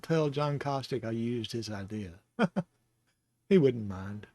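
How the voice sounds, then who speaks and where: A man teaching Hebrew letters in an unhurried, meandering way, drawing out each syllable as he sounds it out. He chuckles between points and speaks at an easy middle pitch. The recording is close and dry, with no room sound. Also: animated, warm tone, no echo. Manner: slow and rambling, with fillers, chuckles and sounded-out syllables. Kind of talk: casual lesson.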